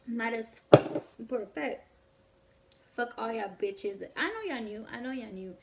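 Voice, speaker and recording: A young woman tells a personal story straight to camera. Her voice sits a little high. She talks fast and animated, swears freely and fills her sentences with "like.". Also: creaky, background noise. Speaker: vlogger. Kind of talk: casual storytime.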